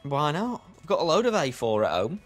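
Cheeky, swearing man, lively pitch. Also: brisk, faint music behind. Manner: cheeky, swearing, laughs a lot. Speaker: TV viewer commenting. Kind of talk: casual banter with his sister.

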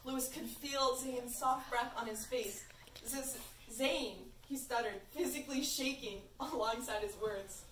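A woman's voice: a little high, normal speed, hardly any pauses, a bit bright, recorded from a distance. A young woman reading her fan fiction aloud at a party in an amused, informal way. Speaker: reader. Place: room at a birthday party. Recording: echoey room from afar, faint noise.

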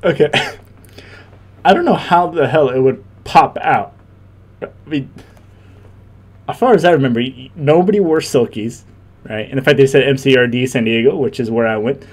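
A man's voice: medium pitch, normal speed, long pauses, husky. A young man and former Marine giving casual reaction commentary, laughing often and rambling with many restarts.

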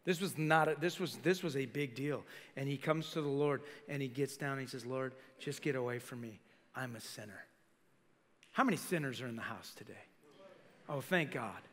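Animated man preaching in an echoey hall. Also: mid-range voice, fairly quick. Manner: animated, acts out quoted voices, asks the crowd questions. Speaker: senior pastor. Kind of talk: sermon. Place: church sanctuary. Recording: live sermon in a reverberant church hall.

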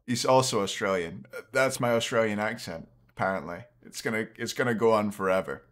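With a brisk, somewhat bright voice on the low side, a young streamer and caster rambles casually through a late-night stream, a bit tipsy. He trails off often and keeps restarting his sentences.

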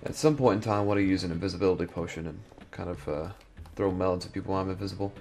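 A sleepy young man talks through his gameplay in a casual, rambling way, often muttering half to himself. His voice sits a little low and carries a gravelly fry, with soft music faint underneath. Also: very fast. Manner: muttering to himself while sorting and exploring. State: sleepy, yawning. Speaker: gameplay commentator. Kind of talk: casual let's-play commentary.

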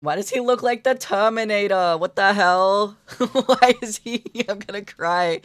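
With a mid-range voice and a measured pace, a young woman talks to her chat while she draws on a live stream. She keeps things playful and casual, giggling frequently as she goes.

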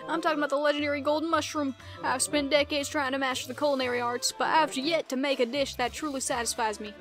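A boastful older tomcat chef, played by a woman, with a folksy Southern drawl. He talks big and loves a dramatic flourish. The voice sits high for a man's part. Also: steady tone, quick pace, over music, close to an everyday voice. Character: proud older male cat-like chef. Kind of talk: reading game dialogue aloud.

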